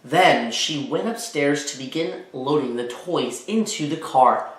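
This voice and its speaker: A man's voice: a little high, unhurried, slight background noise. A man reading a picture book aloud to children, with chatty, teacherly asides. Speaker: children's story reader. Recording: roomy echo.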